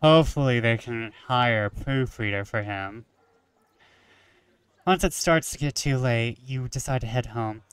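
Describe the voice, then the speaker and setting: A man reads a story game aloud and breaks off into wry, joking asides. His voice is smooth and clear. The sound is close and dry. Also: medium pitch, measured pace, no echo. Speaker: gamer.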